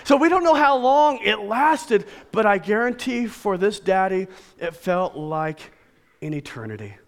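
A male pastor preaching a sermon, emotional and swinging between hushed, soft lines and emphatic, raised ones. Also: high-pitched, very animated, a little slow.

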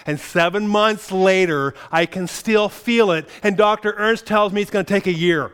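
A middle-aged male pastor preaching, his voice smooth and resonant and sitting a little high for a man. He tells a story against himself in a self-deprecating way, chuckling as he goes. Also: normal speed, few pauses, a bit bright. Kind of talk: sermon with personal story.

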